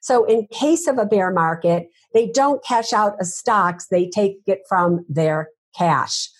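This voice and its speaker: A woman's voice: mid-range voice, slow pace, breathy edge. A woman, a finance author, giving emphatic interview answers full of rhetorical questions.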